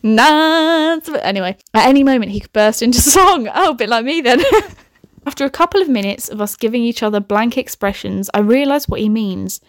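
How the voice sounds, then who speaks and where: Her voice sits fairly high, with lively intonation and a slightly quick pace, as a young woman reads a comic story of her own on her podcast. Asides full of chatter, giggles and swearing interrupt the reading often. The recording is dry, with clean studio sound.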